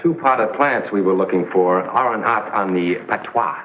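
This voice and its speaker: An actor playing a hearty, blustering uncle in a sitcom. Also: male voice, on the low side, moderate pace, close to an everyday voice. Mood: jovial. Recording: tinny old TV sound, roomy set.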